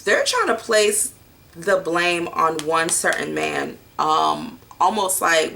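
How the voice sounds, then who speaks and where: Tarot reader, woman, lowish pitch with a bright edge; blunt, unhurried, salty talk. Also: very animated, vocal fry, a little hiss or hum. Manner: blunt, casual and profane, with many fillers. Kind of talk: casual tarot reading video.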